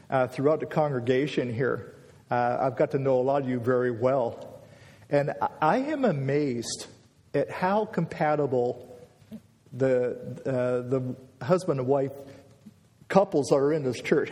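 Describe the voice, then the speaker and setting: A man's voice: mid-range voice, dark tone, big-room sound. A man preaching a sermon in a church, conversational and storytelling, acting out scenes as he goes.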